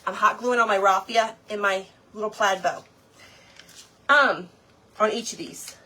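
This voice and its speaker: A woman, telling a story in a chatty, animated way to her viewers while she does a craft project. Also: medium pitch, a little slow. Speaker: craft vlogger.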